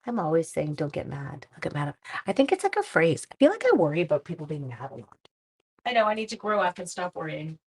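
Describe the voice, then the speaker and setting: A middle-aged woman hosting a casual live craft class, chatty and quick to laugh at herself. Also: fairly low pitch, sing-song, slightly rough.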